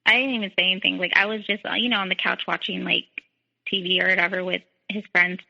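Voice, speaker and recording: Talking fast with a level mid-range tone, vocal fry, and a pushed, bright quality, a young woman shares her own story as a podcast guest. She says "like" constantly and relays others' words as dialogue. A long reverb tail hangs over the dull, lo-fi sound.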